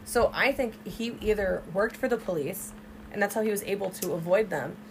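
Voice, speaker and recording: A young woman co-hosting a casual true-crime podcast, telling the story in an animated way with swearing and side remarks. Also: mid-range voice, normal speed, a little hiss or hum. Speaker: podcast co-host.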